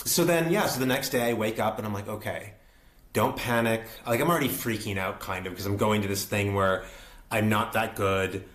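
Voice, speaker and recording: A young adult man telling an animated story as an interview guest, acting out quotes and laughing often. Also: on the low side, moderate pace, reverberant. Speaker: actor and guest.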